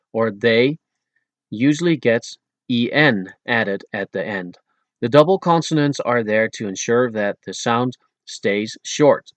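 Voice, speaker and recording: A man reads a grammar lesson for an audiobook, explaining each point plainly and slowing down over the example words. His voice sits at an ordinary pitch, and the recording is close and dry. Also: no echo. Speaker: audiobook narrator teaching Dutch. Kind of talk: read-aloud language lesson.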